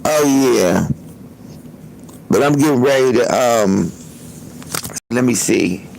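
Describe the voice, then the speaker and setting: A man's voice: mid-range voice, expressive, slow pace, vocal fry, a little mellow, a little hiss or hum, poor audio. A man hosting a livestream, telling a story in a loose, profane, chatty way, laughing often, into a phone. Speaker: livestream host.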